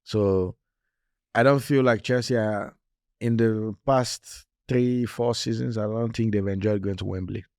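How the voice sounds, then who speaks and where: A man with a fairly low voice co-hosts a casual football chat, making his points with emphasis and saying them again. The sound is close and dry, with no room around it. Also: fairly even intonation, unhurried, darkish tone, no room sound. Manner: conversational, emphatic, repeats points. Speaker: podcast co-host.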